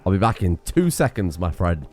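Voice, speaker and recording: A man's voice: low-pitched, big pitch swings, fairly quick, a little mellow. A man streaming a game, giving sarcastic, sweary casual commentary while feeling under the weather. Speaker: gaming streamer.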